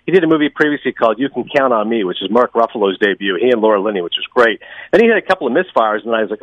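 A man talking about films on a podcast, fast and enthusiastic, with lots of opinions. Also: mid-range voice, animated, no room sound, dull audio. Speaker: podcast guest, film critic. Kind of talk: casual podcast chat.

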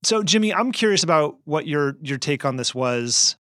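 A man's voice: fairly high pitch, animated, normal speed, a bit bright, no echo, clean studio sound. A man hosting a political podcast, thoughtful and hedging, with many fillers as he asks a guest's view. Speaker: podcast host. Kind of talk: casual political chat.

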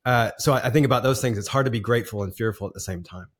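A man's voice: medium pitch, rapid-fire, slightly rough. A man in his forties, a podcast guest, telling a personal story in a casual, earnest way with frequent laughs and restarts.

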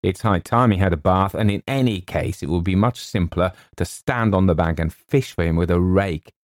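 A man's voice: sits low, moderate pace, dry recording, clean studio sound, lightly acted. A man doing a clipped, blustering young writer. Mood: exasperated. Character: put-upon young male writer, gloomy then giddy.

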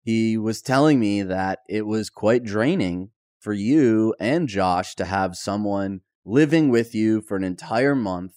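A man hosting a podcast, interviewing his co-host and recounting a shared story, growing animated as he retells it. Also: on the low side, unhurried, few pauses, no room sound, studio quality. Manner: conversational, animated when retelling.

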